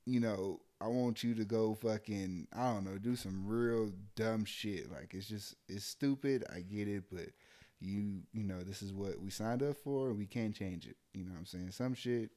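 A man's voice: on the low side, moderate pace, dark tone. A young adult man, an army sergeant, venting bluntly and profanely in casual chat.

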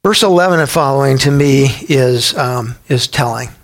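A middle-aged Texan with a medium-pitched voice and moderate pace leads a Bible study. He keeps it chatty, posing questions to his listeners and telling anecdotes.

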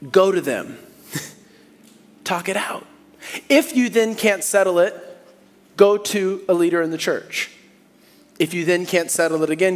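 Male pastor, high voice, animated sermon delivery, echoing sanctuary. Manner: animated, swings from hushed to loud and high when acting out people. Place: church sanctuary. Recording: long hall reverb.

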